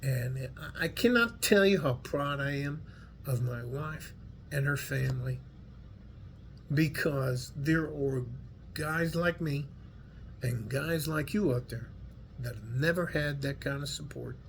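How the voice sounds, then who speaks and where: A man's voice: medium pitch, takes it slowly, vocal fry, a little hiss or hum. A middle-aged man with a West Texas accent, talking to his viewers in a rambling, earnest, folksy way with salty language. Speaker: vlogger. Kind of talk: casual heartfelt monologue to viewers.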